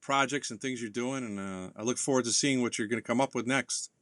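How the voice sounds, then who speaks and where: A man's voice: mid-range voice, brisk, a bit bright, no echo, clean studio sound. Eager male podcast host. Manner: enthusiastic, short reactions. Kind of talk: casual interview chat.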